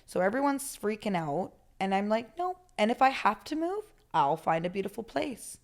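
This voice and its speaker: A woman guest on a podcast, a therapist, telling stories in a candid, animated way and swearing freely. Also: medium pitch, normal speed. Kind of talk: casual conversational interview.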